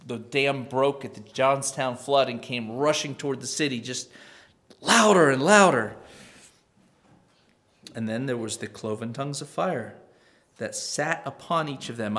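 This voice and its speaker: A man preaching a sermon to his church in a conversational, musing way, restarting phrases and rising in pitch and volume on key points. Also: pushed and bright. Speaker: pastor.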